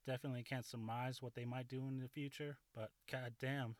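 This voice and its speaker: A man's voice: mid-range voice, flat delivery, brisk, no echo. Man, 30s, casual profane storyteller, rambling delivery, dry recording. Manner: rambling, profane, laughing often.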